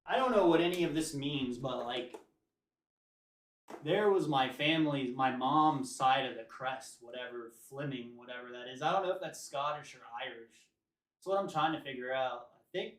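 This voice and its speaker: A man's voice: medium pitch, measured pace. An American man streaming, chatting casually with his viewers and drifting from one tangent to the next. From United States. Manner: rambling, tangent-prone. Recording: roomy echo.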